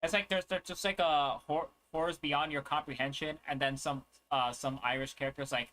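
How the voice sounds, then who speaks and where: A man's voice: on the high side, fairly even intonation, moderate pace, hardly any pauses, pushed and bright, poor audio. A young man chatting casually on a livestream, rambling and joking with crude asides. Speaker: streamer.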